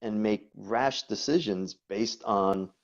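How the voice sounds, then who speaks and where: A man, a guest coach, talking casually and telling stories in an animated way, often repeating words. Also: lowish voice, takes it slowly. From New York. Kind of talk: conversational storytelling. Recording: dull lo-fi audio.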